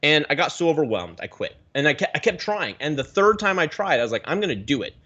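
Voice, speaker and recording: A man from the Pacific Northwest, a guest telling his story in a rambling, animated way with many restarts, on a video call. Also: on the high side, fast talker, highs cut off. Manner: animated, rambling, self-correcting. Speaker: guest, aquarium YouTuber.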